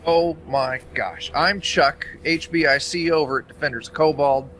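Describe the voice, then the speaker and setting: A man's voice: a little high, measured pace, fairly bright tone. A man from Kansas introducing himself as a tabletop player, joking and self-deprecating. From Kansas, United States. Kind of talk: casual chat.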